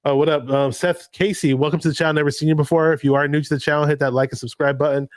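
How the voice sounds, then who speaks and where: A man's voice: on the high side, fairly even intonation, very fast, no room sound. A man hosting a casual late-night livestream, rambling and jumping from story to story. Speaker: livestream host. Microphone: home streaming mic.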